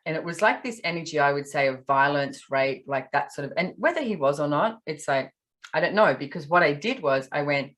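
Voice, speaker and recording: An Australian woman in casual podcast conversation, telling animated stories and acting out what people said. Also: low-pitched, brisk. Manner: animated storyteller, acts out quotes. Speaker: podcast guest.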